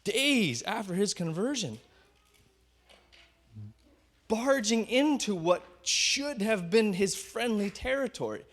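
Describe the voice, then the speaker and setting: A pastor retelling a story from the pulpit in an animated sermon, acting out each character. His voice sits fairly high for a man and swings widely in pitch. He builds scenes with energy and rhythm. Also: a little slow.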